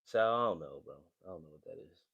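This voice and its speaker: Deep-voiced dude on a livestream reading chat, slangy, dry close sound. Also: male voice, animated, fast, creaky, husky, no room sound, muffled recording. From New Jersey. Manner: laid-back, loose slangy talk with many fillers.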